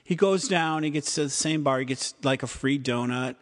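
A man's voice: mid-range voice, normal speed. Man, co-host, casual chat, rambling delivery with acted-out quotes, reverberant room. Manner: rambling, acts out quotes, frequent "like". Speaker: podcast co-host. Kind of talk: casual chat reviewing TV episodes.

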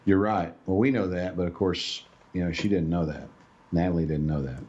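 A man's voice: low-pitched, steady tone, fairly quick, a little mellow. A man co-hosting a podcast who chats casually about a TV episode and sometimes trails off mid-thought. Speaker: podcast co-host. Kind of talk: casual TV recap chat. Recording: slightly dull lo-fi recording.

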